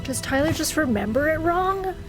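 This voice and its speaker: A woman with a high, bright voice livestreams a game, reacting aloud with lots of expression, frequent swearing and plenty of laughter. Game music is clearly audible beneath her commentary.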